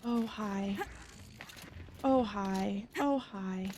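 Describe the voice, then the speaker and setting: A woman's voice: medium pitch, extremely slow, darkish tone, a little hiss or hum. A young woman streaming a video game, talking dramatically to herself and to the game, and sometimes reading its text aloud. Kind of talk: live game commentary.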